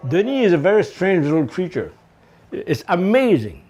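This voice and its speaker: An older man with a French accent, speaking slowly and reflectively in a documentary interview, with laughs between his thoughts. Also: high voice, big pitch swings, darkish tone. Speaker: snow sculptor.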